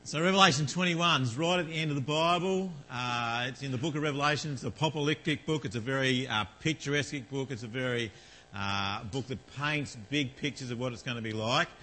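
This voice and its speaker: Bright-voiced man preaching casually. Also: medium pitch, a little fast, a little hiss or hum, poor audio. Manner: conversational, asks the congregation rhetorical questions. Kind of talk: sermon and prayer. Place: church.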